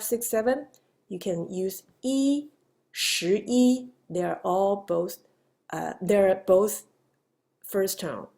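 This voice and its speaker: A woman's voice: medium pitch, gravelly, warm tone. A woman teaching a grammar lesson patiently, with many fillers and repeated example phrases. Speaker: Chinese language teacher. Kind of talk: slow grammar lesson lecture.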